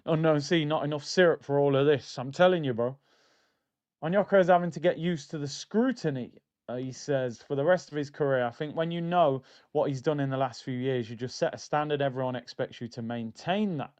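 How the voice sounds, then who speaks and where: A man's voice: a little high, fairly quick, darkish tone, clear, resonant tone. A man, a football channel host reading a press conference aloud and breaking in with sarcastic, mocking remarks. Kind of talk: casual reaction commentary reading a press conference. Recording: dull lo-fi audio.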